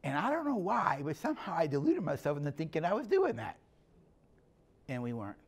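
A man's voice: fairly high pitch, huge pitch swings, a little fast, vocal fry, husky. A middle-aged man giving a conversational teaching talk, telling stories and acting out the dialogue in plain, direct speech. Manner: plainspoken storyteller, acts out dialogue. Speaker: speaker on emotional health and leadership.

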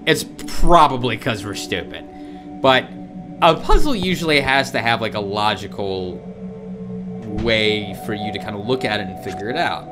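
A man's voice: on the low side, animated, moderate pace, over music. A man co-hosting a horror game playthrough, mocking his partner with sarcastic, profane jokes. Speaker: co-host playing a horror game. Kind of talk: gaming commentary.

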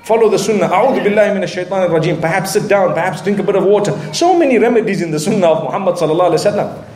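Man preaching, southern african english accent, high voice, roomy echo, earnest with little jokes. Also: rapid-fire. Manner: earnest, animated, with Arabic phrases and light humor. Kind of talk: sermon.

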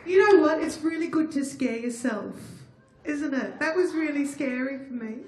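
A woman's voice: high voice, moderate pace, darkish tone. A woman, a singer-songwriter on a festival stage, chatting with the crowd between songs on a stage mic and laughing often.

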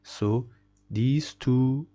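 A man's voice: medium pitch, extremely slow, dark tone. A man teaching French pronunciation to beginners, repeating each word several times as he explains the rules. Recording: dull lo-fi sound.

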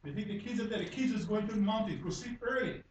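Angry high-voiced man with Hawaii Pidgin accent. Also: fast talker. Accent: Hawaii Pidgin-tinged English. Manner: angry, blunt, repetitive, swears. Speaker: member of the public giving testimony. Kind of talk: heated public hearing testimony. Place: conference room. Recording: echoey room from far off, faint noise.

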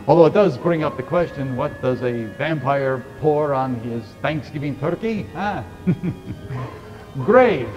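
A man's voice: mid-range voice, a little mellow, muffled recording. A man playing a campy vampire count who hosts a horror show, cracking corny jokes and laughing at them. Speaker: horror host.

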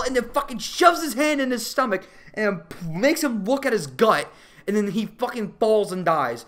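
A movie reviewer ranting casually about a film, profane and exasperated, laughing often and getting loud at times. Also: mid-range voice, normal speed. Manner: animated, rising to loud outbursts.

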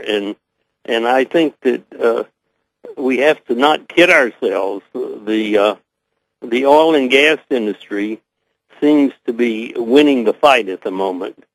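An older man with a Southern US accent, answering as an interview guest over a voice link, pausing often with fillers. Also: medium pitch, no room sound, low-quality recording. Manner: hesitant, many pauses and fillers.

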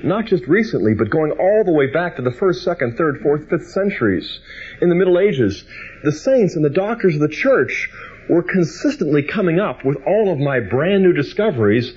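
A man giving a biblical theology lecture. He reads scripture slowly with emphasis, then speeds up into personal storytelling. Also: a little high, husky, lo-fi sound.

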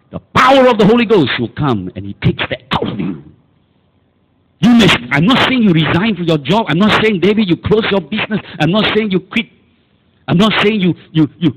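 A man with a Malaysian English accent preaches a sermon as pastor, his voice sitting a little high and swinging widely up and down. He presses his points emphatically and keeps calling the congregation to answer back with amens. Faint background noise runs under the recording. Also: a bit bright, rough recording. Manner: emphatic, calls for amens and repetition.

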